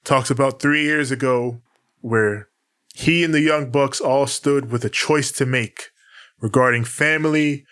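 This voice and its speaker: A man's voice: mid-range voice, measured pace, clear, resonant tone. A man co-hosting a casual wrestling recap podcast, swearing and laughing often as he retells the week's shows. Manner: laughs often, profane and relaxed. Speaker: podcast co-host.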